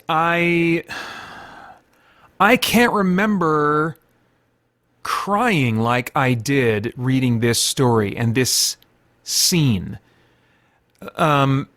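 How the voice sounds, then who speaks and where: A man's voice: a little high, a bit bright, no room sound. A man hosting a casual comic book review podcast, talking in a heartfelt, earnest way.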